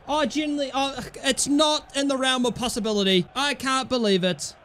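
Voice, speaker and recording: Young man yelling at a football game. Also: very high-pitched, normal speed, few pauses, slight background noise. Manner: animated, yelling at players, swearing, mock outrage. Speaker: gaming commentator. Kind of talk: excited football game commentary.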